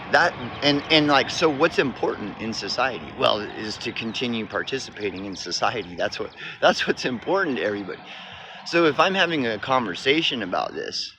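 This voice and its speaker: A man's voice: lowish voice, pushed and bright. A man from Oklahoma vlogging outdoors beside a road, in a rambling, cynical, profane rant that often restarts. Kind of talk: casual rant to camera. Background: passing traffic.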